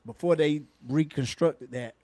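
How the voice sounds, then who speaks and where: A man with a slightly high voice tells patrol stories in easy, folksy slang, chuckling along as he goes. The recording is dry and close-miked. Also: a little slow, warm tone, no room sound. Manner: folksy, Southern-flavored slang, chuckles at his own stories. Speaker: podcast co-host, retired police officer turned comedian. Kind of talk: casual storytelling chat.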